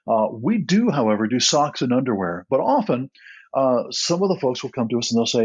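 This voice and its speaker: Middle-aged male guest, husky, earnest storyteller who restarts often, dull lo-fi sound. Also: medium pitch, big pitch swings, brisk. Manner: earnest, with frequent restarts and soft laughs. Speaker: guest, nonprofit co-founder. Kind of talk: storytelling in a podcast interview.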